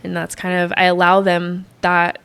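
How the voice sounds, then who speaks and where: A woman in her thirties, a podcast guest, telling a personal story in a lively, casual way and often acting out what others said. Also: on the low side, moderate pace, clear, resonant tone. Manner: animated, quotes others often.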